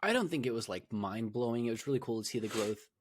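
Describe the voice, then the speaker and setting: A man's voice: mid-range voice, animated, quick pace, a little hiss or hum. A young man co-hosting a podcast, chatting casually and rambling with many fillers and restarts. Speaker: podcast co-host. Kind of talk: casual chat.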